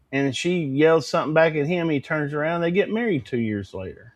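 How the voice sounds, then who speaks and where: Folksy man, slightly high voice. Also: moderate pace, hardly any pauses. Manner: animated, folksy, swears casually. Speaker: livestream show host. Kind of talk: casual chat.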